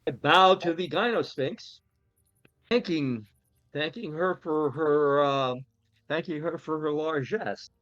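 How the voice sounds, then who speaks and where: A man playing a tabletop game, describing his character's actions step by step with halting restarts. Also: on the high side, fairly bright tone, no room sound, muffled recording. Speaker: player. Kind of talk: casual tabletop play.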